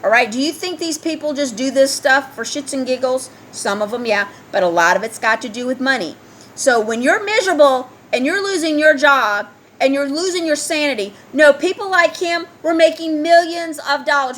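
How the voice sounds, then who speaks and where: A woman's voice: sits high, lively intonation, moderate pace, fairly bright tone. A woman in a heated, ranting solo commentary, reading news aloud and firing rhetorical questions at her listeners.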